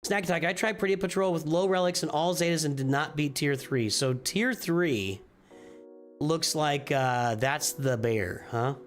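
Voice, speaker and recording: This man speaks at a measured pace in a slightly high voice. On his live stream, with faint music in the background, he reviews viewers' game rosters in casual commentary, often restarting and repeating phrases as he thinks aloud.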